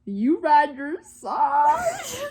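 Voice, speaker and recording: A young woman vlogger telling a story in casual chat, animated and laughing as she goes. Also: high-pitched, drawn-out words.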